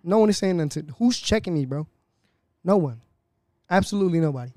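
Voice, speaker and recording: A young man co-hosting a podcast, telling stories in excited, slangy bursts. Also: sits high, quick pace, a crowd in the background. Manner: excitable, animated storytelling with slangy exclamations. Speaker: podcast co-host. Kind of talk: casual podcast banter.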